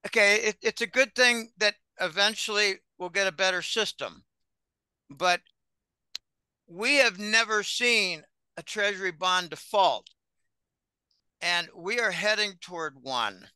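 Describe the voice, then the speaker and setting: A male guest giving deliberate, ominous financial warnings in an interview, with some restarts. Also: high-pitched, sharp tone, smooth, no echo. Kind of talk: interview answers.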